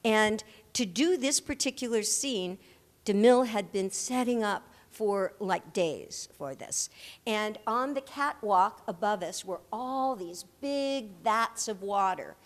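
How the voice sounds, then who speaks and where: A woman's voice: mid-range voice, takes it slowly. Older woman telling stories in a reverberant hall. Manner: animated anecdote-teller who acts out the people she quotes. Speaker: actress and interview guest. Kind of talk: storytelling on stage in a live interview. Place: large hall at a live audience event.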